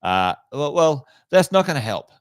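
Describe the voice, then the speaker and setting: A man's voice: on the high side, sing-song, moderate pace, smooth, no room sound. An Australian man co-hosting a finance podcast, blunt and sweary, mocking officials in casual banter. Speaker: podcast co-host.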